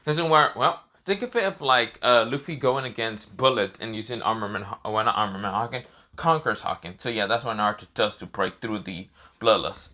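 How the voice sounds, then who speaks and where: A man's voice: lowish voice, brisk, hardly any pauses, bright, forceful tone. A man casually narrating a fan-made story, rambling along with many fillers and restarts.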